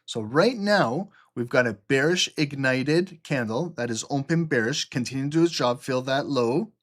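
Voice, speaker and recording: A man's voice: medium pitch, lively intonation, normal speed, fairly bright tone. A man hosting a trading livestream, explaining the market live and often checking in with "okay?" while answering viewer chat.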